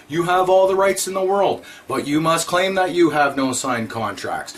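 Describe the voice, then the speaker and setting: A blunt man delivers a scolding rant, repeating his points over and over. His voice sits a little higher than most men's. A faint hiss of noise runs under the recording. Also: moderate pace, few pauses, a bit bright. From Canada. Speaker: vlogger. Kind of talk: ranting monologue to camera.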